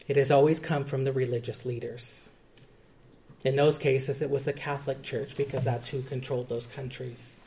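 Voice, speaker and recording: A male pastor delivering a sermon in an earnest, measured way, with emphatic rises. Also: medium pitch, a little mellow.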